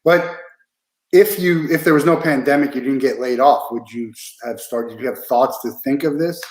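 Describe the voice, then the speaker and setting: A man's voice: medium pitch, moderate pace. Man host chatting in an echoey room. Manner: conversational, many fillers and restarts. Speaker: podcast host. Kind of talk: casual interview conversation.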